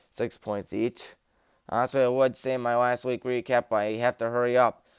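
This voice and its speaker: A man's voice: medium pitch, clean tone, dry recording, studio quality. A young man hosting a sports talk show, rattling off game picks with jokey, rambling asides. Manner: jokey, rambling, self-mocking. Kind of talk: rapid-fire game picks with joking asides. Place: small community TV studio.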